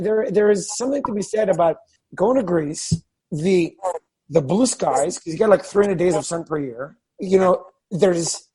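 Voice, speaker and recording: A man's voice: sits high, darkish tone, slightly rough, low-quality recording. A man from Canada, a guest author and filmmaker, telling stories in a chatty, enthusiastic way with casual swearing. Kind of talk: casual podcast conversation.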